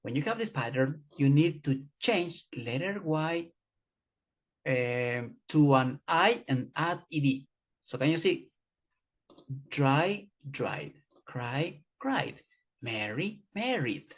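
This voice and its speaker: An English teacher giving a grammar lesson, repeating key words slowly and calling the learners guys. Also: mid-range voice, lively intonation. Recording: dull lo-fi recording.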